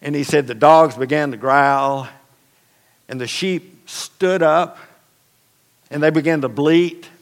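Preaching as a pastor, a man tells stories in a folksy, conversational way with casual asides. His voice is on the high side, and he speaks slowly with long pauses, while the long reverb of a large hall surrounds him.

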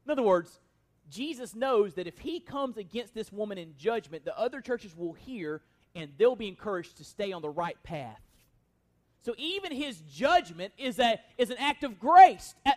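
A man with a strikingly high-pitched voice leads a sermon as pastor. He speaks with earnest emphasis and keeps turning his points into rhetorical questions for his listeners. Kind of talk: expository sermon.

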